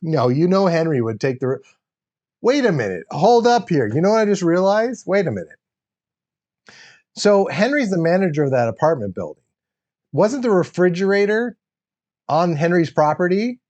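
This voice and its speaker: A man hosting a casual livestream, chatting in a rambling, excitable way and laughing often while he builds a toy set. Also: a little high, normal speed, highs cut off. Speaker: livestream host.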